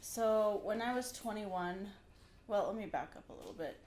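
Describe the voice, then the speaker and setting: A woman's voice: mid-range voice, lively intonation, moderate pace, a little mellow, roomy sound, slight background noise. A woman in her thirties, a podcast guest, telling her story candidly and laughing easily. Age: 30s. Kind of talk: casual interview.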